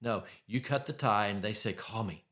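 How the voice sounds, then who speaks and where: A man's voice: on the low side, moderate pace, pushed and bright. A middle-aged man hosting a faith-based advice podcast, speaking bluntly and emphatically and repeating his key phrases. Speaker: podcast host.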